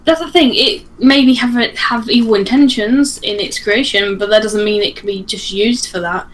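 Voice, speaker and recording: A woman's voice: on the high side, normal speed, rough recording. A woman chatting casually about a cartoon series on a livestream, thinking aloud and trailing off mid-sentence. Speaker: guest discussing a cartoon series.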